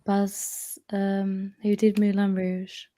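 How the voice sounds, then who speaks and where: A woman's voice: medium pitch, monotone, slow pace, mellow. A woman in a casual livestream chat, rambling enthusiastically.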